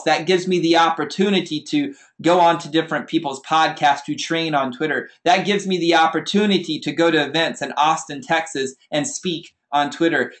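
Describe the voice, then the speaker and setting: A man hosting a podcast, giving an energetic motivational talk as a business coach and repeating phrases for emphasis. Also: fairly high pitch.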